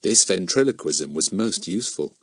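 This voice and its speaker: A man reads a children's mystery audiobook aloud in an animated storytelling style. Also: deep voice, moderate pace, breathy edge, no echo. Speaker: audiobook narrator. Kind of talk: scripted narration.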